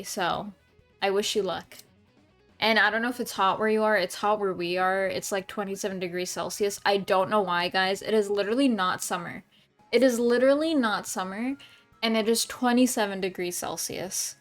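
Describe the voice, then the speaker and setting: A woman streamer chatting casually with her viewers at home, rambling with lots of ums and restarts. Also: mid-range voice. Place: home room.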